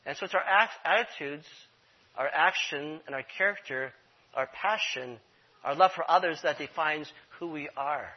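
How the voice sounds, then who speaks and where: A man's voice: on the high side, normal speed, husky. A man leading his congregation in an earnest sermon, repeating key phrases for emphasis. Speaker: congregation leader. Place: congregation room. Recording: dull lo-fi sermon recording.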